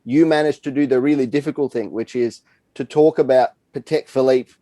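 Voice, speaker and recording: A man's voice: medium pitch, steady tone, a little fast, dark tone. Brief: male awards host, playful and self-mocking, dry wit, remote video setup. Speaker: awards presenter. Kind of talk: tongue-in-cheek awards hosting.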